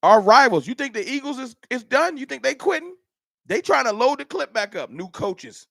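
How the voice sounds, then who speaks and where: A man's voice: very high-pitched, sing-song, moderate pace, gravelly, a bit bright, dry recording, clean studio sound. A man hosting a casual fan livestream, talking straight to his chat viewers. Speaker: livestream host. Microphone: camera mic.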